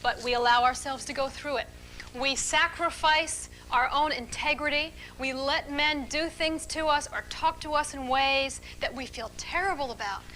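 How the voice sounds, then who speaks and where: A middle-aged woman leading a seminar for a live audience, talking in an animated, emphatic and playful way. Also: high voice, a little hiss or hum. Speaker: relationship speaker leading a seminar.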